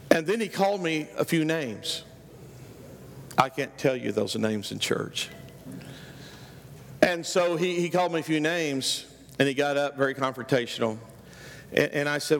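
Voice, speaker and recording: A middle-aged male pastor preaching a sermon, emphatic and rising loud on key phrases. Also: medium pitch, moderate pace, long pauses. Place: church sanctuary. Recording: church hall with long reverb.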